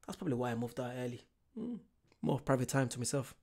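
A man's voice: medium pitch, animated, fast, creaky, a little mellow. A man chatting casually as he reacts to a comedy clip, apologetic and enthusiastic. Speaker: reaction video host.

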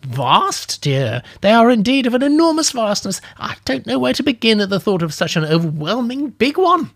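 A man's voice: extremely high pitch, big pitch swings, moderate pace, a bit bright, voice pushed up, heavily acted. A man voicing an idle, gin-soaked older woman office worker, prim and huffy, in a raised voice.

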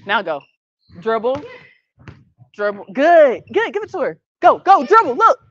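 Woman youth basketball coach, high voice, brisk directive calls mixed with patient correction, dull dry lo-fi recording. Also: very animated, no room sound. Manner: patient, gentle correction of the group. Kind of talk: coaching kids during practice.

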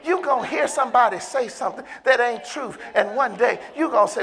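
A bishop preaching a sermon to a congregation, moving from low, casual talk to loud, impassioned calls and laughing between lines. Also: brisk. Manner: casual vernacular grammar.

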